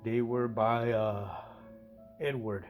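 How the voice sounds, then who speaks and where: A man talks through his scale model restoration in a loose, conversational way, often stopping to correct himself mid-sentence. His voice sits at an ordinary middle pitch. Faint guitar music plays underneath. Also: flat delivery, slow, muffled recording. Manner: rambling, self-correcting, conversational. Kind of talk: casual workshop narration.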